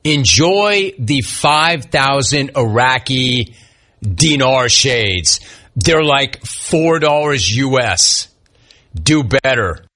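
A man's voice: medium pitch, animated, drawn-out words, bright, forceful tone. A man hosting a sports talk show, reading listener messages aloud and wisecracking about each one.

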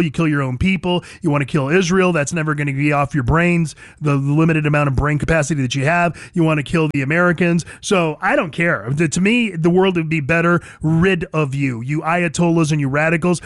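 A man's voice: fairly high pitch, no echo, clean studio sound. A man hosting a talk radio show, delivering an emphatic, opinionated monologue full of repetition.

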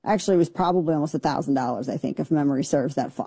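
A woman's voice: deep voice, animated, racing, hardly any pauses, dark tone, husky, no echo. A woman giving casual opinion commentary in an opinionated, sarcastic way.

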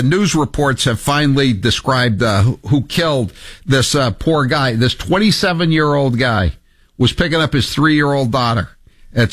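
A man hosting a talk radio show, indignant and animated, reading quotes aloud and taking calls. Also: medium pitch, no echo. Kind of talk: talk radio, opinionated commentary.

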